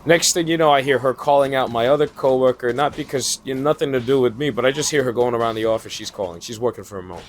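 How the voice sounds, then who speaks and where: A man's voice: mid-range voice, quick pace, few pauses, a little hiss or hum. A man, new at his office job, venting in a rambling, frustrated way, swearing often and restarting his sentences. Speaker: new data entry worker. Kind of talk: casual venting monologue.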